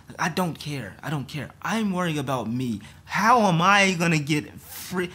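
A young man vlogging a frustrated, animated rant about his job, stumbling and restarting as he talks. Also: a little high, moderate pace, husky. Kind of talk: ranting to camera.

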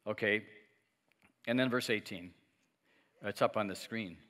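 Middle-aged male pastor, lowish voice, chatty sermon delivery with audience call-and-response, church hall echo. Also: unhurried, fairly bright tone. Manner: conversational, asks the congregation to respond and repeat; joking asides with light laughs. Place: church sanctuary. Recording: long reverb of a church hall.

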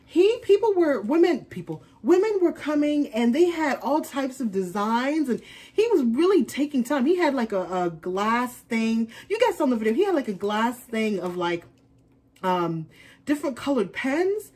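A woman's voice: high voice, sing-song, normal speed, darkish tone, husky. A woman chatting casually in an unboxing vlog, rambling on as a fashion vlogger.

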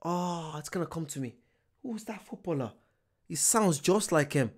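A man's voice: on the high side, animated, normal speed. Man musing through reaction asides. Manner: musing, muttered asides to viewers. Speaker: reaction video host. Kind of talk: casual reaction commentary.

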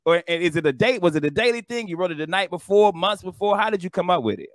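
A man's voice: high-pitched, animated, fast talker, no echo, clean studio sound. A male radio co-host asking a guest eager, stumbling questions in casual chat.

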